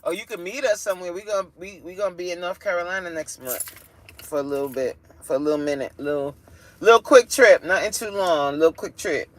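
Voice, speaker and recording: A woman's voice: lowish voice, quick pace, a little hiss or hum. A woman hosting a casual livestream from her car, chatting with viewers, exclaiming and reading their comments aloud. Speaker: livestream host.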